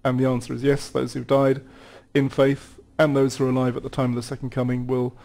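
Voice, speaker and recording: A man's voice: mid-range voice, monotone, brisk, vocal fry, a little mellow. Man explaining scripture in conversation. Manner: earnest, explanatory, reads scripture aloud with some restarts. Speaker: guest Bible teacher.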